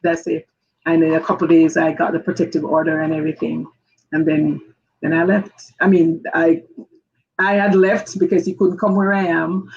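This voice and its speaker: A woman sharing her personal story as a guest, halting, with many restarts and fillers. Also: low voice, flat delivery, creaky, a little mellow, slightly rough. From Jamaica. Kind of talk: personal testimony. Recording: dull lo-fi audio.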